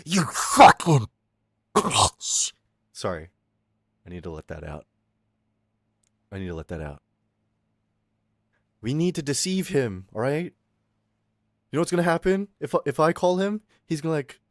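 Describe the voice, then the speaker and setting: Male streamer, animated pitch, dry close-mic sound, rowdy chat reading. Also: no echo. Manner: loud, swearing, swings from yelling to low mutters. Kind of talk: casual livestream chat with viewers.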